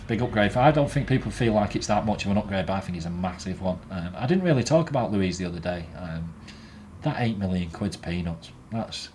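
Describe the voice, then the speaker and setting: Blunt, sweary deep-voiced man. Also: darkish tone, slight background noise. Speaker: football fan podcast host. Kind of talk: casual football chat, rating players.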